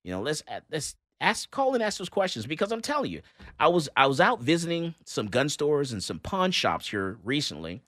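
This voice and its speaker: A male talk radio host, lecturing and joking in an animated, emphatic way. His voice jumps around wildly in pitch and stays bright and forceful. The studio sound is dry and close. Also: fairly quick, no echo. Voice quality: animated, emphatic, laughs often. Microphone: studio microphone.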